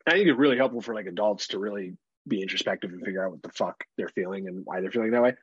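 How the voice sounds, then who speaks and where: Podcast dad, thirties, swears freely and rambles with laughs; husky voice on a dull, dry mic. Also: male voice, deep voice, racing, no room sound. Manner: profane, rambling, laughs often. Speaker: podcast co-host. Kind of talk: casual chat.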